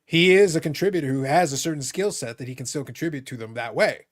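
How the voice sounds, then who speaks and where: Canadian male host, slightly high voice, animated and jokey, casual chat. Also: quick pace. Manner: animated, jokey, talks over others. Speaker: podcast host.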